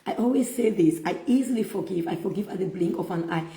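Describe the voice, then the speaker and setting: In an echoey room, a middle-aged woman delivers a faith-based self-help talk as a motivational speaker. Her medium-pitched, mellow voice moves slowly and emphatically, full of preacherly repetition.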